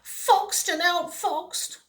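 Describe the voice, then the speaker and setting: A woman voicing a sly, hungry old female witch with a high, shrill, warbling sing-song voice that turns sulky and mournful. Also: fairly even intonation, extremely slow, fairly bright tone, exaggerated voice.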